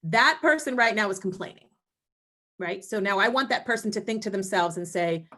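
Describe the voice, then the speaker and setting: A woman's voice: medium pitch, normal speed. A woman presenting a webinar for teachers, talking emphatically and acting out what people might say, over a video call. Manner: emphatic, animated, acts out voices. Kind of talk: energetic webinar talk.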